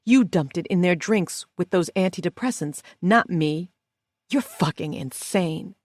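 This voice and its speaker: A woman's voice: fairly low pitch, lively intonation, unhurried, darkish tone, no room sound. A woman voicing a young woman jailed for life, angry and raised as she pleads and accuses.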